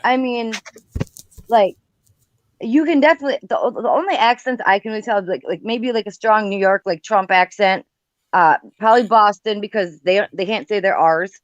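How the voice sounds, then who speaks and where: A woman's voice: medium pitch, moderate pace, no echo. A hesitant Minnesota woman with a muffled sound. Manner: hesitant, stammers and restarts. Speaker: livestream host. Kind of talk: casual chat.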